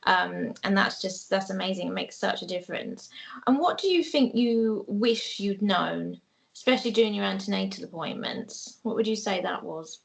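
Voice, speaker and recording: A woman hosts a podcast interview with a noticeably gravelly, creaky voice. She affirms her guests and gently asks what made a difference to them. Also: medium pitch, normal speed. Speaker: podcast host. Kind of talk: interview questions.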